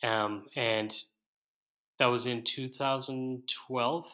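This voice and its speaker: A man's voice: mid-range voice, steady tone, slow, pushed and bright. An IT professional raised in Ireland with a slightly American-sounding Irish accent, an easygoing podcast guest who laughs often as he tells his story. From Ireland, born in New York. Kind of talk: casual interview chat.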